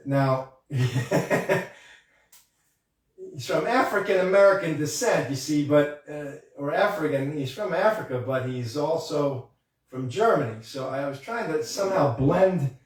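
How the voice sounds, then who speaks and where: A man hosting a live-stream puppet show, talking in a rambling, halting way. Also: on the high side, a little mellow. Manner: rambling, halting, many fillers. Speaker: host and puppeteer. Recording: echoey room, voice far from mic.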